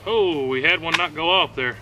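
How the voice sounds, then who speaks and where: A man's voice: a little high, moderate pace, over music. A man hosting a casual outdoor shooting vlog, talking through his shots at a range. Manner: relaxed running commentary between shots. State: out of breath at times. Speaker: host of a shooting channel.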